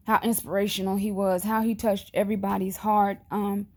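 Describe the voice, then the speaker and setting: Grieving mom talking to her phone camera, trying not to cry, halting and earnest, middle pitch. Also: darkish tone. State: holding back tears. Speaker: grieving mother. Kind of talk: personal video message.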